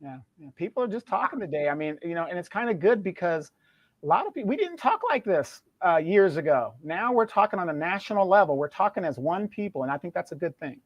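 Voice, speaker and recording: A man's voice: high-pitched, very animated, fast talker, no echo, muffled recording. Guy co-hosting a stream, explains stuff earnestly, dry close sound. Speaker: co-host. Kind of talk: casual livestream discussion.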